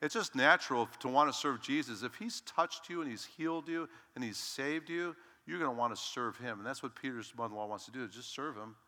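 A male pastor preaching a lively, emphatic sermon to his congregation and calling out "Amen?" as he goes. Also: medium pitch, a little fast, few pauses, in a large hall. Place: church sanctuary.

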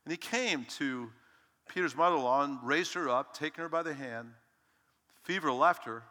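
A male pastor preaching a lively, emphatic sermon to his congregation and calling out "Amen?" as he goes. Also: fairly high pitch, normal speed, in a large hall. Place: church sanctuary.

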